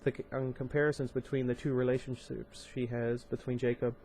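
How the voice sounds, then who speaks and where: A young man reads a novel aloud at home-channel pace, his voice sitting in an ordinary middle pitch. Between passages he drifts into casual commentary, full of ums and restarts. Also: little pitch movement, brisk, darkish tone, slight background noise. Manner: casual, chatty asides with fillers and restarts. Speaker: audiobook reader and channel host. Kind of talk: amateur book reading with commentary.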